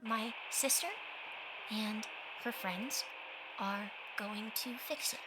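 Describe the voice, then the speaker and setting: A woman's voice: medium pitch, takes it slowly, very noisy, close to an everyday voice. A woman playing a sweet, earnest young boy who rambles reassuringly in a tabletop game.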